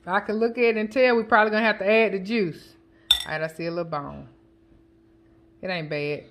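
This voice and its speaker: A chatty woman talks through a recipe in her home kitchen, counting out shakes of seasoning and joking with her family as she works. Her voice sits at an everyday middle pitch, and dishes and utensils clatter clearly around her. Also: fairly even intonation, fairly quick, background noise. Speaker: home cooking vlogger. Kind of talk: casual cooking chat.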